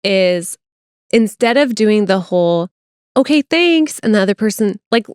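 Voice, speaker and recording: A woman's voice: mid-range voice, moderate pace, darkish tone, smooth, no room sound, studio quality. A woman co-hosting a casual podcast, a parent who laughs often and acts out peppy phone talk. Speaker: podcast co-host. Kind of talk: casual chat.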